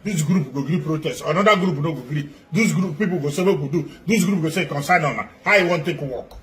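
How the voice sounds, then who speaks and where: A man's voice: a little high, quick pace, fairly bright tone, a little hiss or hum. A man with a Nigerian Pidgin accent, a church activist, making an impassioned appeal with emphatic, repeated rhetorical questions. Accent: Nigerian Pidgin English.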